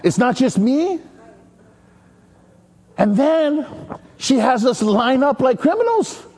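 A male pastor from Maui preaching an animated sermon, telling stories and calling out to the congregation. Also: very high voice, slow pace. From Maui, Hawaii. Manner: energetic, chatty, storytelling with call-and-response.

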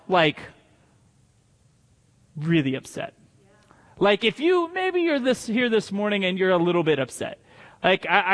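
Man, pastor, high voice, animated sermon storytelling, long hall reverb. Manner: animated storytelling with joking asides. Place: church hall with congregation.

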